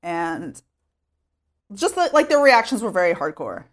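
Unhurried and lowish, with big swings in pitch, this Texan woman from Sherman talks as a guest in a casual interview. She tells stories about her own home life in a chatty way, using "like" again and again.

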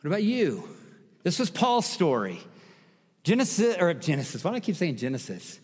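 A man's voice: a little high, wildly swooping pitch, moderate pace, a little mellow, husky, big-room sound. A man preaching a sermon as pastor, emphatic and repetitive, building intensity through lists of words.

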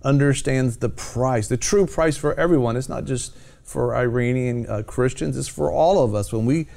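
A man's voice: medium pitch, normal speed, gravelly, darkish tone. A man hosting a Christian television program, talking about faith in a fervent, exhorting preacher's cadence. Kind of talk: evangelistic TV talk.

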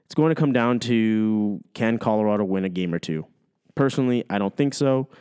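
A man with a fairly low voice co-hosting a casual hockey chat. He is agreeable and easygoing, backing up his partner with quick yeahs and laying out his predictions in a relaxed, unhurried way. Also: smooth. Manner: agreeable, easygoing, lots of backchannel. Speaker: hockey podcast co-host.

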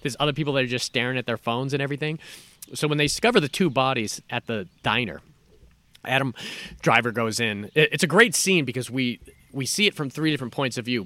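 A man with a bright, forceful voice tells a story in casual chat. He is animated and laughs often. The sound is dry and close, with no room in it. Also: mid-range voice, no echo. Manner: animated retelling with frequent laughter and swearing.

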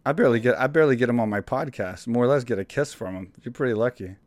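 A man's voice: mid-range voice, rapid-fire. A man hosting a podcast, joking and giving short replies in a casual chat. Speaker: podcast host.

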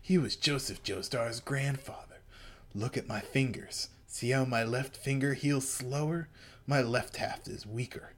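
A man playing a cold vampire lord who speaks low, hushed and slow, with quiet menace. The put-on voice drops below his usual pitch and stays soft and controlled. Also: lightly acted. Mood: menacing.

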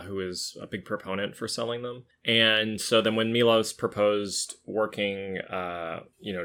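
A man's voice: low voice, bright, forceful tone. A man explaining his character's motives in a game, rambling with many likes and uhs. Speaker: player.

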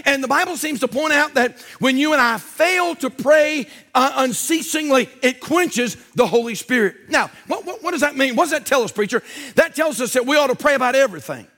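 High-voiced preacher, folksy. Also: male voice, expressive, brisk, a bit bright. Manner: folksy, conversational preaching with rising intensity. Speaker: pastor. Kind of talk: sermon.

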